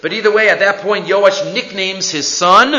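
A man tells a Bible story in an animated way, acting out its people in a bright, fairly high voice. The sound is dull and lo-fi, in an echoey room. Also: normal speed. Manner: animated storyteller, acts out quotes, with fillers. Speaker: religious teacher.

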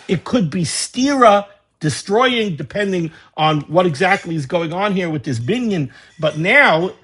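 A man teaching a lesson on religious law, reading passages aloud and explaining them in a lively way. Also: high-pitched, husky. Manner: lively explaining, reading Hebrew texts and translating. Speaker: Torah teacher. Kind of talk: Talmudic study lecture.

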